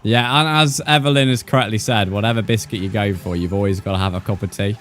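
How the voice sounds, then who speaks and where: Young british guy streaming, chatty with chat, kinda low voice, bit of music in the back. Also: fast talker, fairly bright tone. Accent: British English. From United Kingdom. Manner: chatty, uses slang like mate and bro. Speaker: gaming streamer. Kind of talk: casual live-stream chat with viewers.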